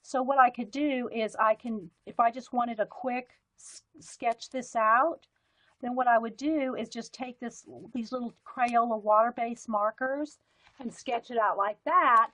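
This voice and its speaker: A chatty woman with a soft Southern US accent hosts a casual art live stream, talking her way through pens and markers. Her voice sits a little high, and she rambles and wanders off on little tangents as she goes. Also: a little slow. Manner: chatty, rambling, easily sidetracked. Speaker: livestream art host.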